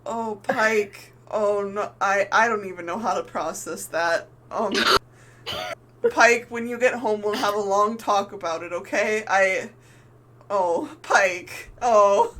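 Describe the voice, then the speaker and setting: A woman's voice: medium pitch, slow pace, very noisy, close to an everyday voice. A woman playing a stammering, flustered father figure. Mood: distraught. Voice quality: stammering, anxious. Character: flustered gentle male father figure Caspian.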